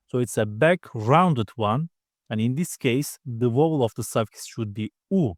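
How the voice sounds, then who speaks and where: A man's voice: mid-range voice, lively intonation, moderate pace, darkish tone, dry recording, clean studio sound. A man teaching a grammar lesson, patiently explaining step by step and sounding out each vowel himself. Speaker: language teacher. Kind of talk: slow spoken grammar lesson.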